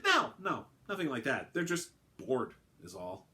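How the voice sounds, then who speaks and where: A man's voice: mid-range voice, big pitch swings, unhurried, bright, forceful tone. A man voicing a brash, sarcastic male alien who announces a game, talking in a flippant, impatient way.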